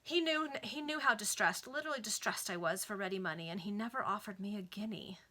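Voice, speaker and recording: A woman's voice: medium pitch, quick pace, pushed and bright. Woman reading as a pleading Victorian lady. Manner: pleading and emphatic. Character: distressed aristocratic lady, proud and impatient.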